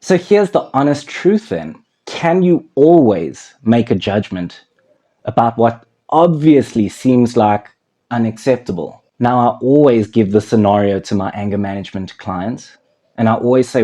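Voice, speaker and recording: A male counsellor with a fairly low, mellow voice talks straight to the viewer in a conversational way. He tells a story and keeps asking what you would do. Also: unhurried. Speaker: anger management counsellor. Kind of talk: direct-to-camera teaching talk.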